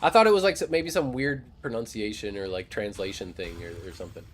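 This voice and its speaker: A man's voice: lowish voice, fast talker, a little hiss or hum. A young man chatting casually with his live stream audience, loose and joking, with frequent swearing. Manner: loose, profane, joking banter with chat. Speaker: game streamer.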